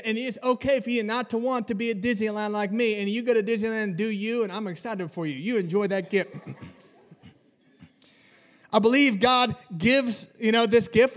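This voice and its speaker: Male pastor with a high voice, preaching with comic family anecdotes. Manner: humorous storytelling with acted-out family dialogue. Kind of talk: sermon.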